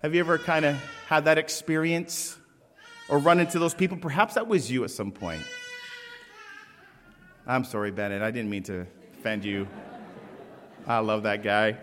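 A man preaching a sermon to his congregation, emphatic and deliberate, with friendly asides to the people in front of him. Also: mid-range voice, fairly even intonation, fairly bright tone, a little hiss or hum. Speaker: pastor. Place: church sanctuary. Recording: long reverb of a church hall.

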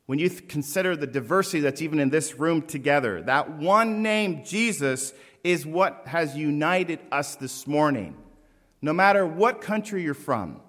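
A man preaching a sermon to his congregation, emphatic and deliberate, with friendly asides to the people in front of him. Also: a little high, a bit bright. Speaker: pastor. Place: church sanctuary. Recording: long reverb of a church hall.

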